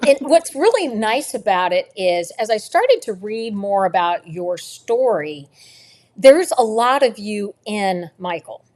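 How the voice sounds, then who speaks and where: A woman hosting a book club interview over a video call, asking questions in a conversational, halting way. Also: mid-range voice, very animated, a little mellow.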